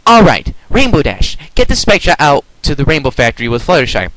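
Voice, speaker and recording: A man's voice: big pitch swings, a little fast, a bit bright, no echo. A man voicing an earnest young female unicorn pony leader, his voice pushed far up as she calls out. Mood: urgent. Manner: pitched far up, calling out urgently.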